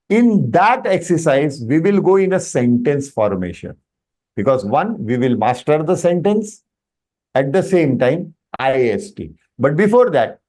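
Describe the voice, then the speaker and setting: This is an online workshop lesson: a man teaches Sanskrit by video call in Indian-accented English, dropping in Hindi and checking with students through questions. He has a higher-than-average voice with a darkish tone.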